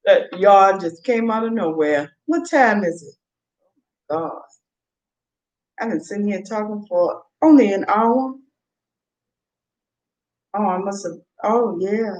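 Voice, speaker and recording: A woman's voice: medium pitch, slow, pauses often, a little mellow, dull audio. A woman vlogging in a meandering, casual monologue, repeating herself as her thoughts wander. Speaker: mukbang vlogger.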